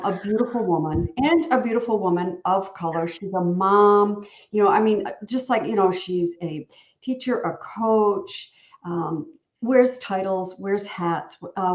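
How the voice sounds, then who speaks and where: A woman host speaks in a rambling, encouraging way, circling back on her own sentences. Her voice sits mid-range and sounds roomy and dull, with video-call audio. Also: mid-range voice. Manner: rambling, motivational, fillers and restarts. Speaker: podcast host. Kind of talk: casual interview chat.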